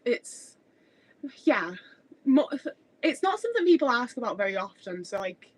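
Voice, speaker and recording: A woman's voice: on the high side, very animated, moderate pace, husky, low-quality recording. Rambling woman with Midlands-Scouse accent. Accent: mixed Midlands and Scouse. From Stoke, English Midlands. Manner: rambling, many restarts and fillers. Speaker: livestream host. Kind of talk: casual livestream chat. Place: home kitchen area. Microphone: webcam mic, moving away while cooking.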